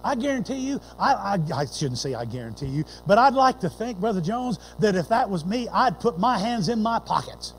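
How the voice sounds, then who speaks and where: Man, pastor, sermon, folksy, animated, high-pitched voice, faint background hum. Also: moderate pace, hardly any pauses, rough recording. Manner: animated, folksy, swings between loud and hushed.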